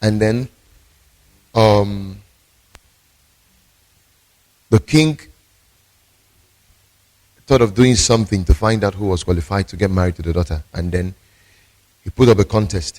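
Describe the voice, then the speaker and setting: A man's voice: lowish voice, unhurried, long pauses, a little mellow. A male pastor, preaching emphatically and telling stories in a sermon.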